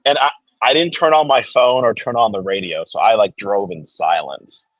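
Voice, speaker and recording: In a fairly low voice at normal speed, a young New Jersey man, a guest comic creator, animatedly recounts a story in casual chat, performing the lines of the people he quotes. The recording has no room sound but comes across dull.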